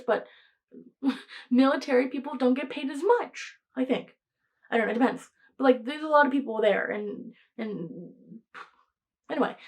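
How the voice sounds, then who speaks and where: A woman's voice: on the high side, darkish tone, rough recording. A young woman hosting a casual solo podcast, rambling with lots of restarts and frequent laughter. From Greek heritage, raised in the United States. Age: young adult. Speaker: podcast host.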